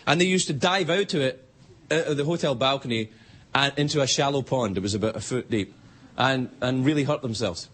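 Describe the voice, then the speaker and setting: A man's voice: medium pitch, lively intonation, a little fast. A man hosting a late-night show, telling a rambling, self-mocking comedy monologue with many restarts. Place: TV studio stage before a live audience. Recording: loud audience laughter and studio noise. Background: live studio audience laughing.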